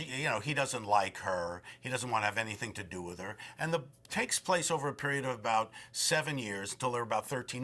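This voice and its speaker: A man's voice: mid-range voice, sharp tone. A man in his sixties, a film director, giving rambling, effusive interview answers.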